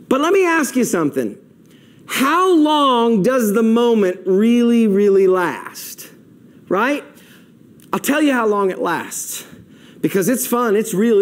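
A man delivers a sermon, his voice sitting high for a man. He talks in a chatty, animated way, working through his points with object lessons. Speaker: pastor. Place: church, streamed online.

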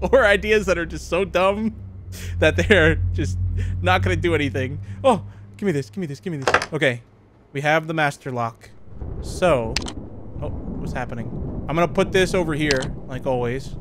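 A man's voice: on the high side, normal speed, background noise. A young man commenting on a horror game as he plays, jumpy and joking, laughing often. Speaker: gaming youtuber.

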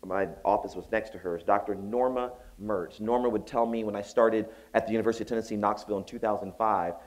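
A man from the Southern United States giving a conference keynote, telling stories in an animated, joking way with acted voices. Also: on the low side, fast. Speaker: keynote speaker. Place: conference hall.

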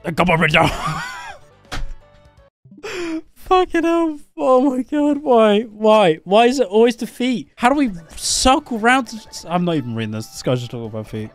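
A young man streaming a game live, excitable and foul-mouthed, reacting loudly and laughing often. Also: normal speed, soft background music. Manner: excitable, swearing, laughing often, jumps up and down in pitch.

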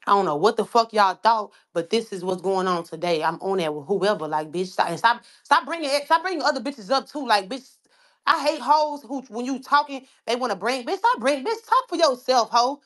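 A woman's voice: a little high, lively intonation, brisk, fairly bright tone. A woman rapper delivering an angry, profane, confrontational livestream rant, repeating herself as she goes.

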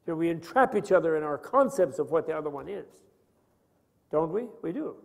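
A brisk, animated older man with a slightly high voice and vocal fry lectures on Buddhist philosophy. He rambles conversationally and often quizzes his listeners, and the hall gives his voice a long reverb.

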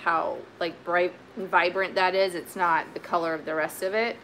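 A chatty woman talks through her thrift finds in an easy, rambling way, full of fillers and restarts. Her voice is bright and forward, with a faint hiss in the background. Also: fairly low pitch, level tone, normal speed. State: sweaty, warm. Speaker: vintage reseller. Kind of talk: casual haul video chat.

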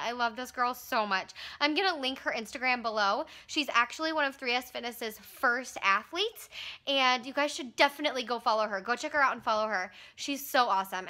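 Young woman fitness vlogger, high and excitable, gushing, casual to camera. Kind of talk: casual vlog.

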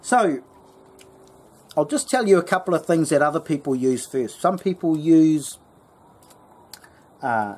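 A man's voice: fairly high pitch, darkish tone. A man with a New Zealand accent telling a story and giving a casual how-to talk as a bushcraft channel host, rambling and chatty. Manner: rambling, lots of fillers and restarts, chatty.

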